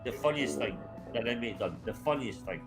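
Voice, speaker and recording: Male live-stream host, lively and swearing, with music playing behind him. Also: mid-range voice, brisk. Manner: swearing, joking, pushing for answers. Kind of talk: casual live-stream chat.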